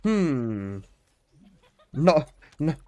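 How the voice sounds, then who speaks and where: A man with a notably high voice runs a live game stream, chatting in loose, excitable banter. He teases and swears freely, repeating himself while riffing on in-game trades. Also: very slow. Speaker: gaming streamer.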